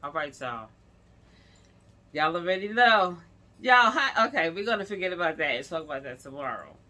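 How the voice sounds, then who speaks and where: A woman's voice: lowish voice, lively intonation, moderate pace, bright, forceful tone. A woman telling a story in a casual storytime vlog, talking straight to her viewers and rambling as she goes. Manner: chatty, speaks to viewers directly; rambling, full of restarts.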